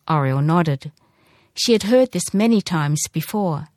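A woman narrating a storybook with a measured, gentle read. Her voice sits somewhat low. The recording is dry and close, with no room sound. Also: no room sound.

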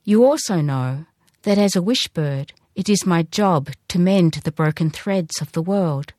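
A woman's voice: lowish voice, expressive, mellow, no echo, studio quality. Woman voicing an ancient grave wishbird. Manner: slow, solemn and sorrowful. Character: ancient male hoopoe wishbird, grave and gentle.

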